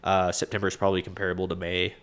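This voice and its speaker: A man with a deep, low voice that comes out nasal and congested from a stuffy nose. He talks in a relaxed podcast chat, giving plain practical advice as a co-host. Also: racing, smooth. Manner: plainspoken, advisory. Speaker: co-host, property manager. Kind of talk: casual business podcast chat.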